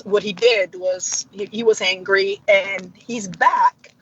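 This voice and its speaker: A woman, a middle school art teacher, telling classroom stories in casual chat and acting out the voices of the people she quotes. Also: slow. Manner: animated, acts out quoted dialogue with big pitch jumps. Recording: slightly dull audio with faint noise.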